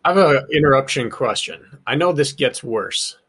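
A man's voice: medium pitch, lively intonation, normal speed, fairly bright tone, slightly rough. A man hosting an interview, who reflects on his own racing before he asks a question. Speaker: podcast host, ultrarunner. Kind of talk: conversational interview.

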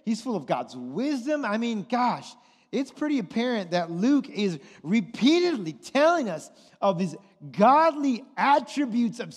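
A man's voice: high-pitched, husky. Male pastor, sermon, conversational, asks questions, long hall reverb.

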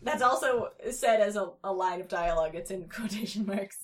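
A woman hosting a comedy show, reading a story aloud with put-on voices and frequent laughter. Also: normal speed. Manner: reads baby characters in put-on high voices, laughs often. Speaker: podcast host reading fan fiction aloud.

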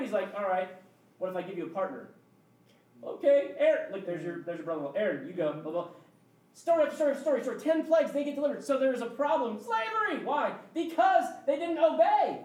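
Pastor, sermon, plays both sides of dialogues with God, loud-to-hushed swings; distant mic in an echoey hall. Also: mid-range voice. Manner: acts out dialogue with God in voices. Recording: roomy hall, mic from far off.

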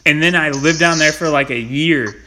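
Here a Missouri podcast host talks casually at a moderate pace in a fairly high voice, wandering off track with lots of fillers and laughter. There's noticeable noise in the background.

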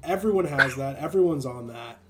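A young man in casual conversation about faith, animated and laughing often, acting out quick voices. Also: mid-range voice, loud music behind the voice.

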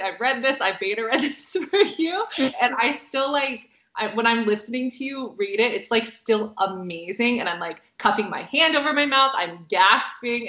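A woman hosting a casual chat, gushing and excitable, filling her talk with "like". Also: mid-range voice. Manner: gushing, excitable, lots of 'like'. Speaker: host. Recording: roomy, dull lo-fi sound.

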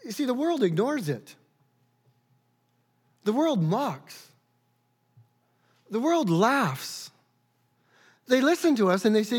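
A man's voice: very high voice, very animated, slow pace, long pauses, breathy edge. A man preaching a sermon in an earnest, questioning way, often stumbling and repeating words as he thinks aloud. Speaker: pastor. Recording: long reverb of a large hall.

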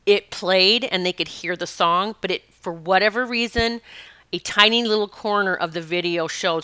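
Bright, chatty woman podcaster. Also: mid-range voice, clear, resonant tone, no room sound. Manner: chatty storytelling, laughs often. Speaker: podcast host. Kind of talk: casual spiritual podcast monologue.

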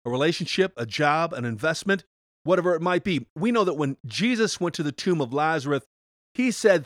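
A middle-aged man, a pastor, preaching a podcast sermon in an energetic, emphatic way with sudden rises. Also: a little high, brisk, dry recording.

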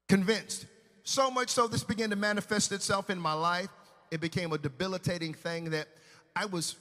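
A man preaching a sermon, telling a personal testimony with emotional storytelling that swings between loud and hushed. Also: sits high, big-room sound.

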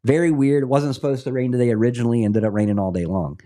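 A man's voice: medium pitch, fairly even intonation, warm tone. A Scottish man hosting a casual Christian podcast, praying earnestly and chatting with guests. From Scotland. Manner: earnest, prays slowly, laughs often. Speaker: host.

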